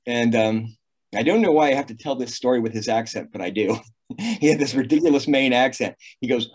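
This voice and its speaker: A man's voice: mid-range voice, a little fast, darkish tone, husky. A man in his sixties, a retired navy officer, telling a story in an interview with many fillers and restarts. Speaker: guest.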